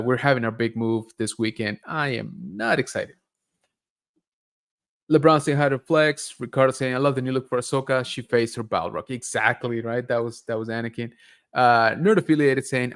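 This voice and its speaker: Casual stream host, male, easygoing, reads chat and riffs on it, mid-range voice. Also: mid-range voice. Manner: relaxed and chatty, reads comments aloud and reacts with laughs. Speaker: livestream host reading viewer chat.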